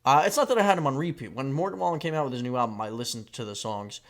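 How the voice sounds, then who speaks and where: A man co-hosting a podcast from a home basement, telling tall tales in a deadpan, sarcastic, profane way. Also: medium pitch, very fast. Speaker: podcast co-host. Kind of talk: casual comedic banter.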